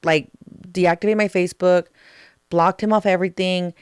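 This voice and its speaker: Brief: young woman, low smooth voice, dry close mic, animated swearing storyteller. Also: normal speed, dry recording. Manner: animated, swears freely, acts out quotes. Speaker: podcast co-host. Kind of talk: casual storytelling chat.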